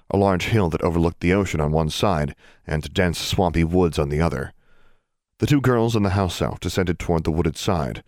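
Deep-voiced male audiobook narrator. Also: a little mellow, no echo, studio quality. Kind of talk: scripted narration.

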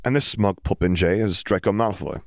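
A man's voice: deep voice, fairly quick, gravelly, no echo, studio quality. A man reading a storybook, voicing a friendly, chatty teenage wizard boy.

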